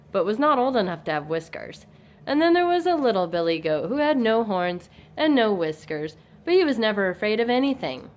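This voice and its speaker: Woman reading a fairy tale aloud. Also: mid-range voice. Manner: measured, expressive read-aloud storytelling. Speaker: narrator. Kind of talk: storybook narration for a home family play.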